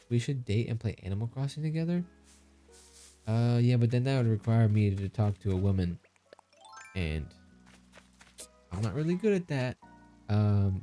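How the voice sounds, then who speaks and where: Mellow and lowish, this voice belongs to a thirty-something man hanging out on a live stream. He keeps things casual, cracking jokes, laughing a lot and reading viewers' chat messages out loud.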